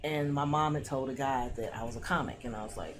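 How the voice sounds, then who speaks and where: A middle-aged woman, a stand-up comedian, telling casual stories as a guest, animated and laughing often while acting out the people she quotes. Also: extremely low pitch, fast. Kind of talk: casual storytelling. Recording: noisy background ambience.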